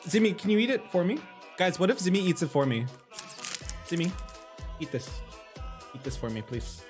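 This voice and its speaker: A man casually commenting on a game as he plays, excitable and joking, swearing and laughing often. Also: sits high, moderate pace, soft background music. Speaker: streamer.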